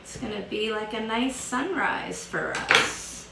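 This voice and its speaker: A woman's voice: a little high, slow, vocal fry, reverberant, very noisy. A woman hosting a casual home cocktail how-to, chatty and upbeat as she talks straight to viewers from her home bar. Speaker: home bartender host.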